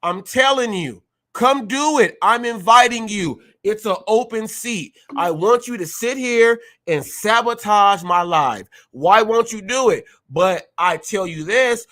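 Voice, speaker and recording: Ranting combatively at his viewers, a man hosting his own live show repeats phrases for emphasis. His high-pitched, animated, fairly bright voice moves a little slowly, with few pauses.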